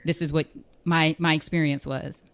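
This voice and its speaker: Female podcast host, lower pitch, smooth resonant tone, encouraging interviewer. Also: level tone, moderate pace.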